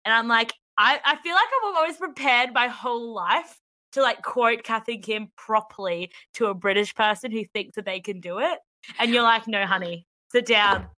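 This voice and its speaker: A young Australian woman chatting on a podcast. She sounds bright and a little high, laughs often, swears freely and acts out the people she quotes. Her voice is close and dry, with no room echo. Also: normal speed. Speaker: podcast co-host. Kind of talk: casual chat.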